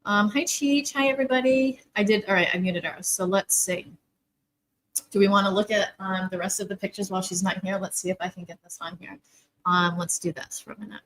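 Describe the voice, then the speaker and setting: A woman's voice: medium pitch, fairly quick, fairly bright tone, low-quality recording. A woman co-hosting a casual livestream, rambling as she fumbles with the tech. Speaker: co-host.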